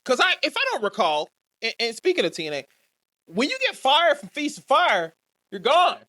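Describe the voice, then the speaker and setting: A woman's voice: high-pitched, big pitch swings, normal speed, bright, forceful tone. A woman co-hosting a wrestling podcast, talking bluntly and animatedly and swearing freely. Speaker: podcast co-host. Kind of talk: casual chat.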